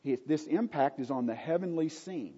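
A man teaching a Bible study, unhurried and emphatic, with conversational asides. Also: on the high side, expressive, mellow, husky. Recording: dull lo-fi recording in a reverberant hall.

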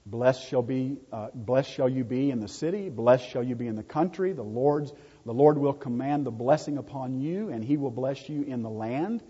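A man preaching a sermon in a husky, mellow voice, hammering home his points by repeating words. The sound is dull and lo-fi, with a long reverb trailing off the walls of a hall. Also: mid-range voice, moderate pace. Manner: emphatic, repeats key words for stress.

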